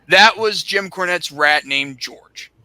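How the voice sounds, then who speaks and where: Recorded with no echo, this young podcast co-host speaks slowly in a high, pushed, bright voice through a laptop mic. His long, casual story wanders, stuffed with fillers and frequent restarts.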